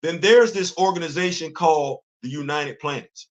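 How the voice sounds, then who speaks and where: A middle-aged man hosting a livestream, his voice sitting a little higher than most men's. He talks with fervent, preachy conviction in loose, colloquial speech. He keeps turning to answer viewers in the chat. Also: normal speed. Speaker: livestream host. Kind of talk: impassioned livestream commentary.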